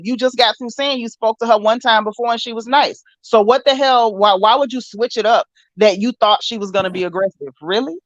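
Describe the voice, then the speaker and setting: A woman's voice: fairly high pitch, brisk, few pauses, no echo. A woman host ranting through a casual reality-show recap with indignant, emphatic force, stacking up repeated phrases. Her voice comes through slightly muffled and lo-fi, with a dry, close sound and no room around it.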